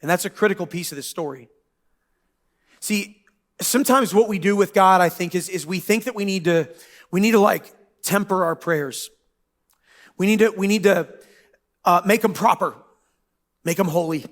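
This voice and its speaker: High-voiced man preaching casually. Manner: casual, joking preacher with quick asides. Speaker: pastor. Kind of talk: sermon. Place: church.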